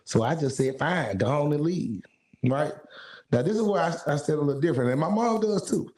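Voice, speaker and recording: A singer sits in as a podcast guest and spins a story in relaxed street slang. He is a man with a voice pitched a touch high, and he animates his tale by acting out each voice he quotes. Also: a little fast, poor audio. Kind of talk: casual storytelling.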